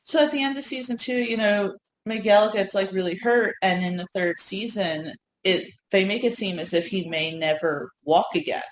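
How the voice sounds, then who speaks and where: A woman co-hosting a podcast speaks at medium pitch and a moderate pace, with hardly any pauses and slight background noise. She chats enthusiastically about TV with lots of fillers, recorded in an echoey room with faint ambience.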